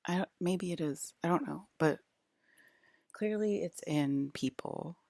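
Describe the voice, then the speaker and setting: A woman's voice: on the low side, a little slow, a little mellow, no echo, clean studio sound. A young woman rambling casually to her viewers in a vlog, full of "like" and restarts. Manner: rambling, filler-heavy, lots of "like". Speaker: vlogger.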